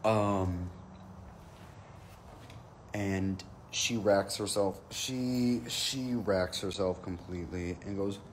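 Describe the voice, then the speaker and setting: Slow, profane man telling a story. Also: deep voice, slight background noise. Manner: profane, rambling anecdote. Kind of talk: casual comic storytelling.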